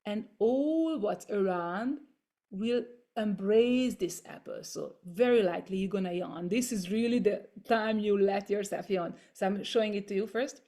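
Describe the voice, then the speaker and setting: A woman leading a voice workshop over a video call, gently coaching step by step through exercises in English that is not her first language. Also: medium pitch, unhurried. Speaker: voice workshop leader. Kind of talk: guided voice and body exercises.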